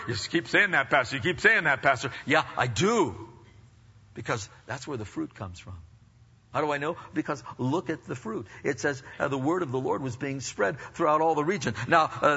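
A man preaching a sermon as pastor, energetic and emphatic, with many restarts and questions to his congregation. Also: on the high side, husky. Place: church sanctuary. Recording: dull reverberant church hall recording.

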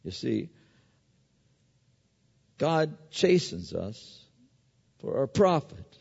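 A man's voice: medium pitch, very animated, drawn-out words, vocal fry, a little mellow, husky. A middle-aged man preaching a sermon in a conversational style, with stories and frequent restarts. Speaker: pastor. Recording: dull recording with long hall reverb.

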